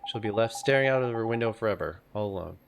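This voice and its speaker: A man's voice: fairly low pitch, animated, quick pace, creaky, noisy background. A man reading as an earnest young boy hero. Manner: earnest and determined. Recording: game music playing behind.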